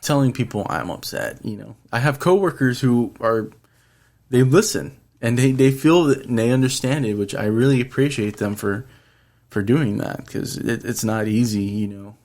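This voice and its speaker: A man's voice: medium pitch, normal speed, a little mellow. A man hosting a podcast, talking earnestly and rambling in casual chat, swearing freely. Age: adult, past his twenties. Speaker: podcast host.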